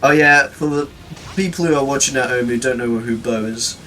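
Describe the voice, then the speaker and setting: A man's voice: medium pitch, a little fast, pushed and bright, soft background music. A young man joking around on a casual podcast with mock-dramatic warnings. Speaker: podcast co-host. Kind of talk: casual chat.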